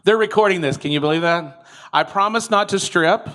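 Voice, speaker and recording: A man's voice: high-pitched, brisk, bright, forceful tone, slight background noise. A man, a political candidate giving a chatty, joking conference speech. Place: conference room with audience.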